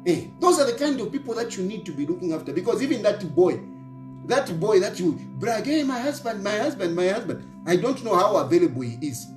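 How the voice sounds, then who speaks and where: A middle-aged Zambian man with a Zambian accent, an opposition politician, scolds an opponent in a lecturing monologue, repeating his points and phrases and mixing local words into his English. His voice sits high and sing-song, moving a little fast. The recording has a roomy echo with faint music behind it.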